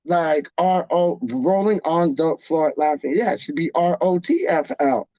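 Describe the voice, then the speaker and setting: A man hosting a live stream, chatting casually with his viewers in an animated, jokey way full of slang. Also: on the high side, a little slow, dry recording, highs cut off. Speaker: livestream host reading chat. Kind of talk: casual chat.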